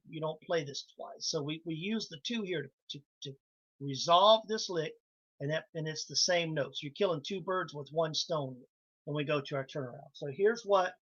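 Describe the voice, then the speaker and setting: A man's voice: fairly high pitch, fairly bright tone, breathy edge, lo-fi sound. A man teaching harmonica in a live online lesson, explaining licks step by step in a casual way and counting in the band. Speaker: harmonica instructor. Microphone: video call.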